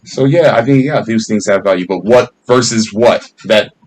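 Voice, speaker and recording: A man's voice: lowish voice, normal speed, darkish tone, low-quality recording. A man co-hosting a podcast in casual chat, rambling and laughing as he talks and swearing freely. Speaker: podcast co-host.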